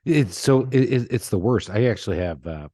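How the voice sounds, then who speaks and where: A deep-voiced man hosting a casual podcast chat. He tells animated stories, stumbling and restarting as he goes. His voice sounds dry and close. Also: moderate pace, slightly rough, dry recording. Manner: animated storyteller, many restarts. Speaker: podcast host.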